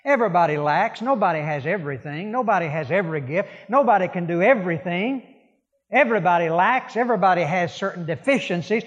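Male preacher, conversational and emphatic, slightly high voice, long reverb. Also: animated, fast, dull audio. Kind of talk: sermon.

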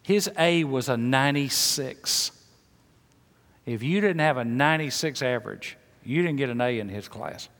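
A man's voice: mid-range voice, animated, moderate pace, fairly bright tone, long reverb tail, slight background noise. A man pastor preaching a sermon with an emphatic, repetitive cadence.

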